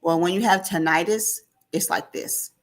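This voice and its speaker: Interview guest, woman, lower register, animated storyteller. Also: moderate pace. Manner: animated storyteller, acts out quoted dialogue. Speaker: podcast guest. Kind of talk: emotional personal testimony.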